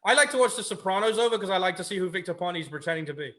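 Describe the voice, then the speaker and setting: Brief: bright, quick-talking British man, profane podcast co-host. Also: high-pitched, animated. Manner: swears constantly, enthusiastic recommendations. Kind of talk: casual chat.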